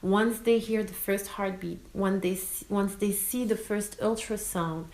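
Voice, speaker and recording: Speaking at a measured pace with few pauses, a medium-pitched woman from France in her thirties addresses her vlog viewers as a mom. She's expressive, has a French accent, and slips French words into her casual talk. The sound is roomy and the recording rough.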